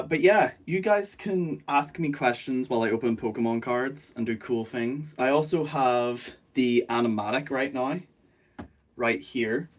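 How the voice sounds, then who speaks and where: Man, live stream chat, slow-talking, self-mocking, jokey, phone mic, bedroom. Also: medium pitch. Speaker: streamer and animator. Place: his bedroom. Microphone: phone, not a proper microphone.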